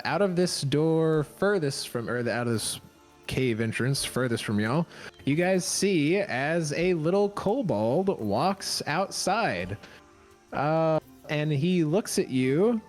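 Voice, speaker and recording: A man narrating a tabletop game as game master, animated and halting with fillers. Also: a little high, soft background music.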